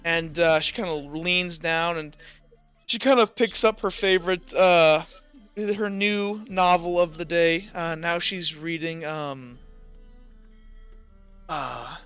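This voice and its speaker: A man's voice: on the high side, takes it slowly, a bit bright, clean tone, muffled recording, soft background music. A man narrating as game master of a tabletop game, rambling with many fillers.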